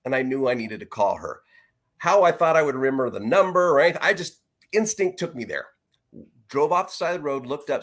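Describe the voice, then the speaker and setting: A man's voice: mid-range voice, fairly bright tone. Earnest middle-aged man recounting his story. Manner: earnest and reflective, with halting restarts. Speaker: interview guest. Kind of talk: personal story in a conversation.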